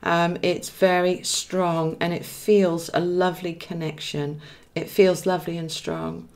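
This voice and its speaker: Her lowish, slightly mellow voice stays level, and she keeps a measured pace. She is a Welsh tarot card reader hosting a chatty live reading, thinking out loud with each draw and affectionately calling everyone darling.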